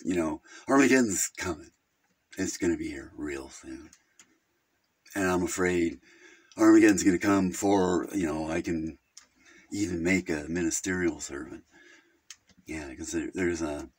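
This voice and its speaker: A man's voice: sits low, breathy edge. A man playing a naive, rambling caller named Virgil who keeps drifting off topic on a phone call. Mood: earnest. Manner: rambling, easily sidetracked, crude. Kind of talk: comedic character phone call.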